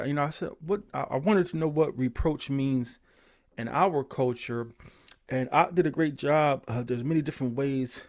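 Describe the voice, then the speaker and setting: A man teaching and leading a study group on a call, fervent and emphatic, breaking into praise. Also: mid-range voice. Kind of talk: leading an online group class.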